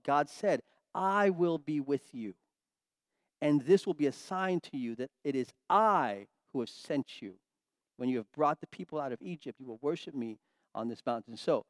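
A man teaching a Bible study, animated and emphatic, dropping to quiet asides between loud stressed points. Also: fairly high pitch, no room sound, studio quality.

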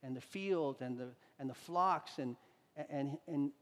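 A man's voice: mid-range voice, unhurried, fairly bright tone, big-room sound, pitched below the performer's own voice, lightly acted. A man voicing a weary, resigned old blind father as he retells a story in a sermon.

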